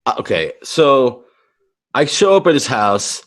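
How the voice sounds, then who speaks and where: Animated, laughing New York man. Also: medium pitch, unhurried. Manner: animated, laughs often, jumps into quoted voices. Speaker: podcast host. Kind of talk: casual storytelling chat.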